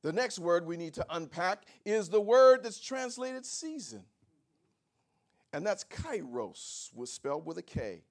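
High, lively-voiced preaching man. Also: unhurried. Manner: teaching, swells from low asides to shouted emphasis; calls for congregation responses. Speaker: pastor. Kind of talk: sermon.

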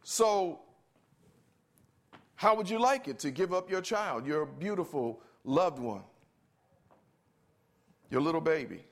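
A man's voice: on the high side, animated, slow pace, long pauses. A man preaching a sermon to a congregation, emphatic, asking them to answer back and repeating key phrases.

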